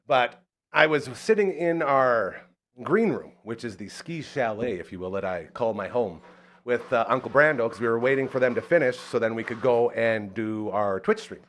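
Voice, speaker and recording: A man from Saskatchewan hosts a podcast and tells a story in relaxed, casual chat. He jumps into a high, excited voice when he acts out what people said. His pitch sits in the middle range for a man. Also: moderate pace. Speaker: podcast host.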